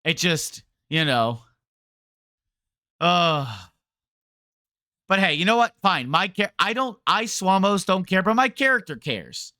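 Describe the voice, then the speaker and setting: High bright guy streamer ranting at chat, rambly and sarcastic. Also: lively intonation, slow, long pauses, dry recording, clean studio sound. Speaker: game streamer. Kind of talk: casual game rant to chat.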